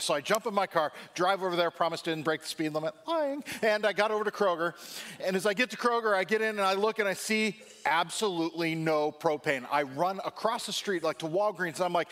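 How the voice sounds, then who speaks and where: A man preaching a sermon. He tells a comic personal story with animated delivery, acting out the dialogue, then slows and drops his voice for the serious points. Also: high voice. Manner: acts out quoted dialogue. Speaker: pastor.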